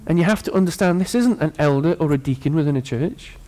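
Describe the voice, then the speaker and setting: Fairly high-voiced earnest male preacher. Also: expressive, fast, dark tone. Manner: earnest, with playful asides to the congregation. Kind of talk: sermon.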